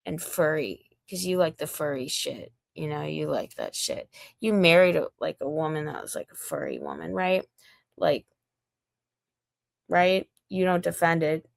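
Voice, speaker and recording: A woman's voice: fairly low pitch, creaky, dry recording, clean studio sound. A young woman delivering a profane, confrontational livestream rant aimed directly at one man.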